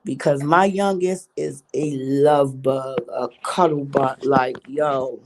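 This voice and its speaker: Gravelly, profane middle-aged woman vlogger. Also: extremely low pitch, fairly even intonation, slow pace, slight background noise. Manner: profane, emphatic, preachy. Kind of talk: candid storytelling monologue.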